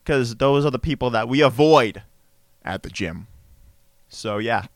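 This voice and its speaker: A man's voice: mid-range voice, unhurried, dry recording. A man co-hosting a casual podcast chat with a dry, teasing manner and stammered repeats. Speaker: podcast co-host.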